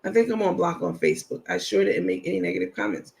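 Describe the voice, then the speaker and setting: A man's voice: high-pitched, fairly even intonation, fast, vocal fry, a little mellow. A man hosting a casual livestream, chatting loosely and reading viewer comments aloud with plenty of fillers. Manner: chatty, rambling, many fillers. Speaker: livestream host.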